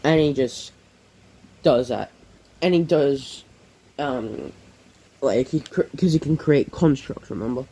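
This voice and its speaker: A man's voice: medium pitch, slow pace, pauses often, mellow, husky, poor audio. A man casually narrating a fan-made story, rambling with many fillers and self-corrections.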